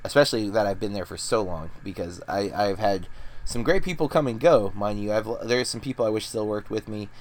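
Guy in his 30s w a lowish voice rambling thru a story, pokes fun at himself. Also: a little fast, a little mellow. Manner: rambling storyteller, self-deprecating. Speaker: podcast co-host. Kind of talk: casual chat.

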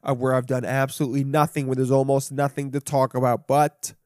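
A man's voice: medium pitch, flat delivery, fairly quick, darkish tone, no room sound, clean studio sound. A young man hosting a solo podcast, rambling and swearing freely, with self-mocking asides. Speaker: podcast host. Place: home.

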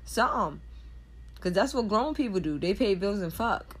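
A woman's voice: mid-range voice, lively intonation, normal speed, slightly rough. A woman co-hosting a casual podcast as a mother, talking bluntly and emphatically, swearing freely and laughing easily.

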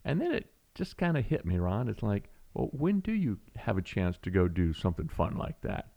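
Gravelly low-voiced man telling a story. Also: normal speed, highs cut off. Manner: animated storyteller, acts out voices, restarts often. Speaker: guest telling a personal story. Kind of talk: conversational storytelling.

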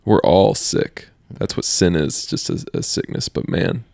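A man co-hosting a podcast, upbeat and chummy, asking questions in a relaxed, casual way. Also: low-pitched, a little slow, vocal fry, no room sound, studio quality. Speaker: podcast co-host. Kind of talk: casual faith discussion.

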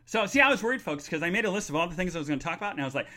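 A man hosting a live podcast, rambling with lots of fillers and restarts, excitable and bursting into joyful shouts. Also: high voice, very fast. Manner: excitable, shouts and squeals with joy. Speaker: podcast host.

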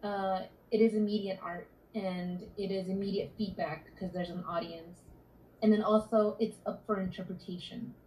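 A woman guest writer in a casual interview, chatting and telling stories in an animated way. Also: medium pitch, normal speed, a little hiss or hum, poor audio.

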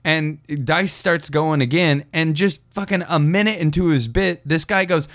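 Male podcast host, fairly high voice, rambling casual storytelling, swears a lot, laughs along as he talks. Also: normal speed, a bit bright, no echo, studio quality. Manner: rambling, profane, often laughing at his own story.

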